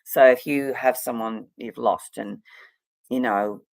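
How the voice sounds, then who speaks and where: A woman's voice: rumbling low, slow pace, creaky, a little mellow, no room sound. A middle-aged woman, a psychic and counselor, talking in a rambling, casual vlog chat full of fillers and restarts.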